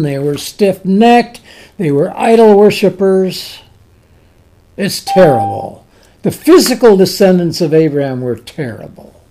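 A preacher delivers a sermon at an unhurried pace, with a warm, dark tone. The delivery is deliberate, retelling scripture and pausing for emphatic asides. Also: medium pitch.

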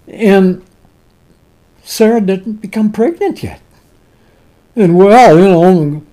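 Slow, mellow-voiced preacher. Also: mid-range voice. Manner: slow, deliberate preaching with emphatic asides. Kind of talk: sermon.

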